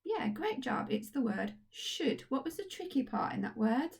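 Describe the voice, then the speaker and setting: Recording from home, a woman teacher gives young children an upbeat, encouraging phonics lesson. She has a high voice with big pitch swings, a moderate pace, and vocal fry.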